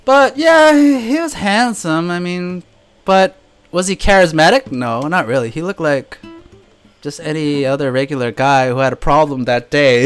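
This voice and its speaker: A man's voice: on the high side, normal speed, clean tone, soft background music. A man answering viewer questions in a casual live chat, telling stories and laughing often. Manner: chatty storytelling, laughs often.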